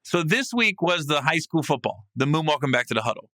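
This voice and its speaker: A man with a bright, forceful voice that sits fairly high, telling a story on his podcast. He is casual and swears freely, and he keeps jumping up into loud, laughing peaks. The sound is dry and close, with no room around it. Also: a little fast, no room sound. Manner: animated, swings into loud, high laughing outbursts. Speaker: podcast host. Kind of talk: comedic storytelling monologue. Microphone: podcast mic.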